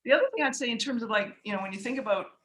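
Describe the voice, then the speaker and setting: Woman, investor guest, casual storytelling, lots of fillers, bright tone, echoey room. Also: a little high, very fast, slight background noise. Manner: chatty, acts out dialogue in anecdotes; frequent filler words.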